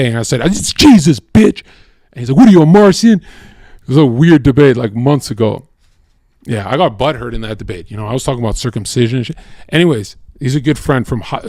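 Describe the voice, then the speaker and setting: Young male streamer, rambling and profane, dry close mic, mid pitch; casual home livestream monologue. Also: darkish tone, dry recording. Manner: profane, rambling, quick bursts.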